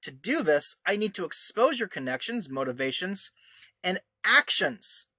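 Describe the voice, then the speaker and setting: A man's voice: sits high, big pitch swings, measured pace, bright, forceful tone, no echo. A man giving sarcastic commentary as he reads out screenshots, mocking and scornful, often laughing. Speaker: online commentator. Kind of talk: reading his own article aloud.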